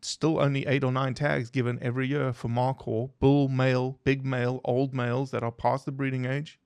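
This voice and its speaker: A man with a medium-pitched, clear, resonant voice speaks at a moderate pace on a dry recording. A biologist guesting on a podcast, he tells stories as an animated explainer and quizzes his hosts and listeners.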